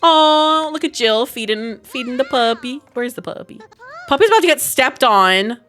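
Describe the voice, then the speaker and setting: Young woman, game commentary, lively swooping voice, high squeals, giggly chatter. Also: moderate pace. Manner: chatty, giggly, gushes in high squeals over cute things. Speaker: gaming video creator. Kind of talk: casual let's-play commentary.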